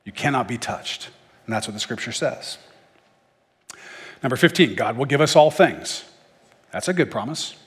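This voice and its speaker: A husky-voiced man giving a casual Bible teaching, talking to listeners plainly and tossing in jokes along the way. His voice carries a long reverb, as if he were in a large hall. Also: medium pitch, expressive, moderate pace, pauses often, fairly bright tone. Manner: conversational, joking asides.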